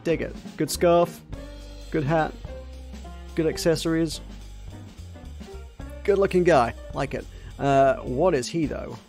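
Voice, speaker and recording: A man's voice: a little high, takes it slowly, vocal fry, pauses often, a little mellow, faint music behind. A man hosting a let's play, chatting in a rambling, self-deprecating way while reading game dialogue. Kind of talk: casual game commentary.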